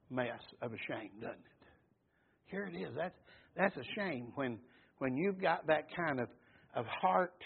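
Husky preacher, high voice. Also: male voice. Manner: folksy, emphatic, calls out "Amen?". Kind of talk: sermon. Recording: tinny phone-like sound.

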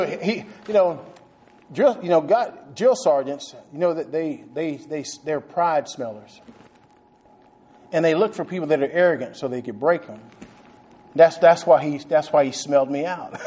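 A man's voice: fairly high pitch, normal speed. A man from Texas, preaching a sermon emphatically, with frequent chuckles and amens. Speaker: pastor.

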